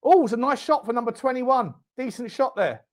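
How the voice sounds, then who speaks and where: A young man hosting a live football watchalong, reacting loudly, swearing and shouting at the game. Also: very high voice, expressive, fairly quick. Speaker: fan channel host. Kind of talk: live match watchalong commentary.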